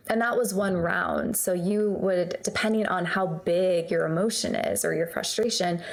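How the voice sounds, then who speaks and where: A woman leads a tapping session and walks through it in a calm, soothing voice. Her tone sits low and has a gravelly edge. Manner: calm, soothing guiding voice with sighs. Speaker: tapping practitioner, guest. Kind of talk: guided tapping session and explanation.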